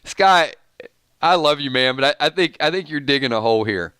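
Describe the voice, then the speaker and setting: A man with a Southern Georgia accent chats loosely with his viewers as a live-stream host, chuckling often. His voice is bright and forward, with a smooth, clean tone. The sound is close and dry, with no room around it. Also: fairly high pitch, expressive, brisk, no echo. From Georgia, USA. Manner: easygoing, chuckles often, folksy. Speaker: show host reading viewer chat. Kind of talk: casual live-stream chat.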